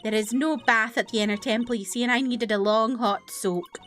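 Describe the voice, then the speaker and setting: Woman voicing a chatty old nun, high bubbly sing-song, bit of music behind. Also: fairly even intonation, moderate pace, a bit bright, close to an everyday voice. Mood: earnest. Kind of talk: video game dialogue read aloud.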